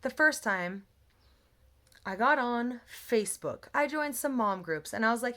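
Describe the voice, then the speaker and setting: A young woman vents into her phone camera in a rambling, heated monologue. Her voice is bright and sharp and sits a little high, and she swears freely as she goes. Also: animated, a little slow. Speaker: vlogger. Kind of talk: emotional venting monologue.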